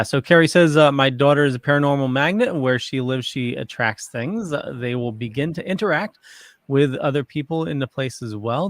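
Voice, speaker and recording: A man's voice: medium pitch, no echo, clean studio sound. A man co-hosting a podcast, reading a viewer's question aloud with hesitant fillers.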